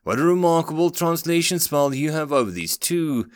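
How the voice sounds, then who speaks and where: A man voicing a haughty high-pitched high elf. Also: lively intonation, moderate pace, no room sound, studio quality, close to an everyday voice. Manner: melodic, high and condescending. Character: haughty ageless high elf, silky and mocking.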